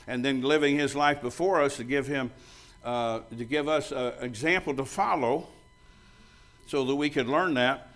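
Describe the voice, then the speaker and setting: At normal speed and in a mid-range voice, an older man preaches as pastor, bluntly telling stories and taking on both roles in each conversation. He becomes loud and bold when he jokes with the congregation.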